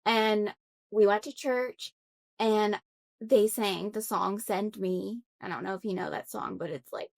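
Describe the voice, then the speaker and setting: A young woman with a mid-pitched voice speaks as a podcast guest, telling her story earnestly and reflectively. Her talk is conversational, with many fillers and self-corrections as she gathers her thoughts. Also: fairly even intonation, measured pace, creaky. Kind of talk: conversational interview.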